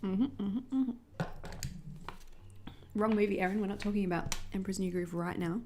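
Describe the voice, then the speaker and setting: Australian woman, young adult, casual livestream host, chatty and bubbly, mid-pitched voice. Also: fairly even intonation, moderate pace, dark tone, slight background noise. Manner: chatty, bubbly, talks to chat viewers.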